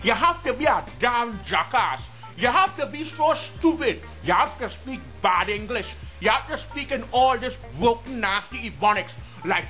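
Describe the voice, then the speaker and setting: A man's voice: sits high, expressive, moderate pace, few pauses, bright, forceful tone, faint music behind. A man delivering a mocking, exaggerated comedic rant to his viewers. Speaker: comedy vlogger.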